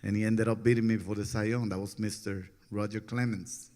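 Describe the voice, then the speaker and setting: A man, telling stories in a relaxed interview, often laughing and getting animated when he quotes others. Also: fairly low pitch, a little fast. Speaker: interview guest, former pitcher.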